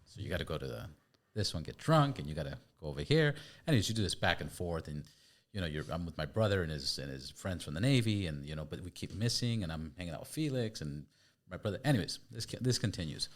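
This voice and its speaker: Low-voiced podcast host telling a story. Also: male voice, quick pace. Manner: lively, acts out quoted voices and sounds. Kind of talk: casual storytelling.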